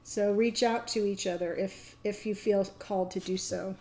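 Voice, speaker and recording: A woman's voice: medium pitch, steady tone, normal speed, darkish tone, a little hiss or hum. A middle-aged woman giving a casual tarot reading to camera, chatty and meandering, often laughing and getting emotional. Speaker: tarot reader.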